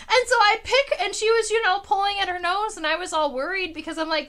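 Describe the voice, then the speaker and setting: A young woman hosting a casual home livestream, telling a story about her pets in a chatty way, with many fillers. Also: fairly quick. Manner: animated, pitch rising on exciting parts. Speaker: entomologist streamer. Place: home living room.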